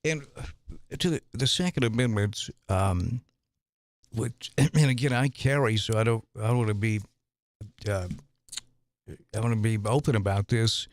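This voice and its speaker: Halting low-voiced man in a debate. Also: no room sound. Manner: halting, restarts, folksy storytelling. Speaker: mayoral debate candidate. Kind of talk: conversational debate on radio. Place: radio studio.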